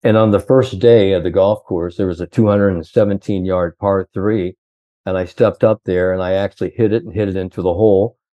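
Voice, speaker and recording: A man's voice: sits low, steady tone, fairly quick, no echo, muffled recording. An older man, a sports psychologist, telling long rambling anecdotes full of "you know".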